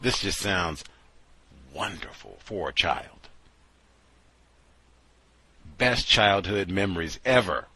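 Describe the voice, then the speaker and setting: A low-voiced man hosts a commentary show in a husky, bright-edged voice that rides a very lively pitch range. His delivery is sardonic and incredulous, dropping to mutters and then springing up to exclamations. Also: slow pace, pauses often, rough recording. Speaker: show host. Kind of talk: talk show commentary monologue.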